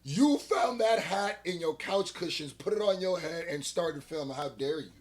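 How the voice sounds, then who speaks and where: A man hosting a reaction video in casual commentary, joking loudly one moment and muttering low the next. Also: moderate pace. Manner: animated, jumps from loud joking to low mutters.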